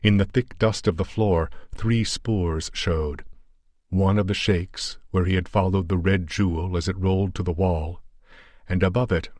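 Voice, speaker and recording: Deep-voiced man narrating an audiobook. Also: steady tone, a little mellow, no echo. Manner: measured, dramatic reading.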